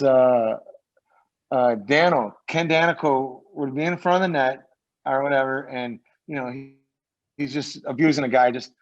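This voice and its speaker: A man, a former pro hockey player, telling loose, rambling stories as a podcast guest, swearing freely and acting out what others said. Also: mid-range voice. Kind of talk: casual podcast storytelling. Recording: dull lo-fi sound.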